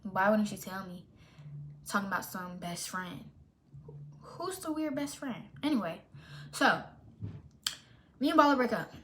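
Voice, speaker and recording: A young woman telling a storytime in a casual, animated and sassy way, with exaggerated retellings. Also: medium pitch, a little slow, long pauses, slight background noise. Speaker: storytime vlogger.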